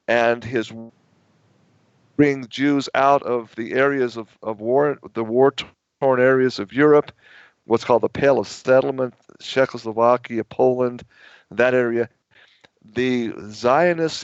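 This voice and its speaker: A man with a gravelly, fry-edged voice tells long, emphatic stories as a radio guest. His delivery rambles forward with plenty of push. The sound is dry and a bit dull and lo-fi, like an older broadcast feed. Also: mid-range voice, dry recording. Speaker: author guest on a radio show. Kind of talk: radio talk show storytelling.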